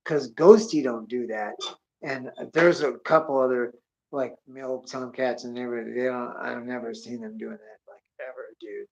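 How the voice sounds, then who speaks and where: A man telling rambling stories in a casual rant, swearing constantly and sliding between mutters and loud bursts. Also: mid-range voice, fairly even intonation, normal speed, creaky. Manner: drops to a mutter, then rises in bursts. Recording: dull lo-fi recording.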